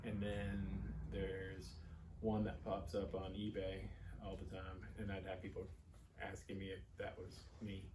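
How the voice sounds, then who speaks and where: A comic shop owner being interviewed, rambling and trailing off softly as he explains. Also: low-pitched, monotone, a little slow, noisy background. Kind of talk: on-camera interview. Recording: distant mic with faint ambience.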